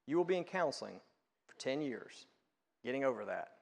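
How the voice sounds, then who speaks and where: A man's voice: mid-range voice, sing-song, moderate pace, creaky. Emphatic preacher man in a reverberant hall. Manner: emphatic preaching, swinging from hushed to loud. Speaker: pastor. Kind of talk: sermon.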